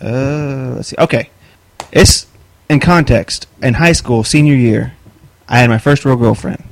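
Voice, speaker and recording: A man's voice: medium pitch, a little slow. A man co-hosting a podcast, talking bluntly and profanely in casual chat. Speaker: podcast co-host.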